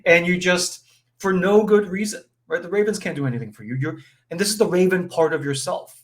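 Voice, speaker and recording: Man, spiritual teacher, informal talk with plenty of fillers and quick check-ins. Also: high-pitched. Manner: conversational, full of fillers and "right?" check-ins; acts out brief quoted voices with chuckles. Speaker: spiritual teacher leading a session.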